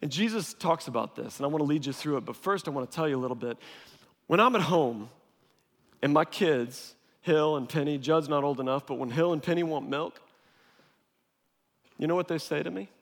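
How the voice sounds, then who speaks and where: A man preaching a casual, humorous sermon in an animated way. His voice sits high for a man. It rings with the long reverb of a large hall. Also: a little fast. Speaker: pastor.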